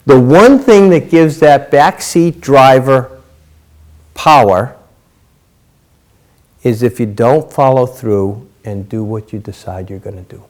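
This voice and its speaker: A man's voice: medium pitch, slow, long pauses, darkish tone. A middle-aged man giving a dharma talk as a Zen teacher, telling stories casually with many fillers.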